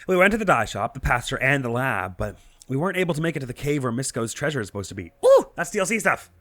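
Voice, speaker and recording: A young man with a slightly croaky morning voice, chatting and laughing at himself while playing a video game. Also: medium pitch, very animated, fast, a bit bright. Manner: chatty, giggly, self-deprecating. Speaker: let's play host. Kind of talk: casual game commentary.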